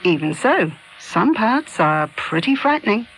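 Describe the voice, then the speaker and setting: Lively scripted narrator. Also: mid-range voice, a little slow, slight background noise, low-quality recording.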